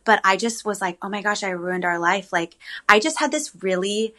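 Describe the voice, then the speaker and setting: A young woman with a bright, clear tone chats through a personal story as an interview guest. She talks in an animated, rambling way, with frequent ums and likes. Her pitch sits in the middle range for a woman. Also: moderate pace.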